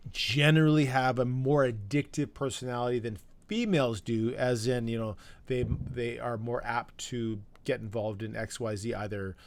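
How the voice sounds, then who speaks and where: A man's voice: medium pitch, moderate pace, a little hiss or hum. A man co-hosting a podcast in casual chat, playful and prone to joking voices. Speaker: podcast co-host.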